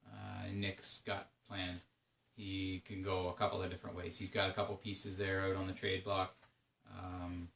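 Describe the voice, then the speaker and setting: A man's voice: deep voice, vocal fry, fairly bright tone, roomy sound, far from the mic, slight background noise. A man talking through his league's trade-deadline day in a rambling, casual solo commentary, full of fillers and restarts. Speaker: video game league commentator.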